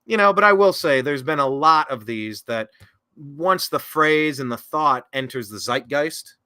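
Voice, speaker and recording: A man's voice: on the high side, expressive, measured pace, pushed and bright. Sarcastic man hosting a political show. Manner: sarcastic, rambling, self-correcting with mocking asides. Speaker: political talk show host. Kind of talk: casual political commentary, reading viewer comments aloud.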